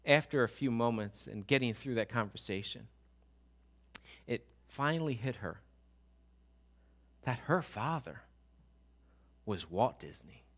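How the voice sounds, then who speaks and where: A man preaching a sermon, telling a story with many restarts, dropping to hushed, slow prayer and rising to loud exhortation. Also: medium pitch, lively intonation. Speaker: pastor.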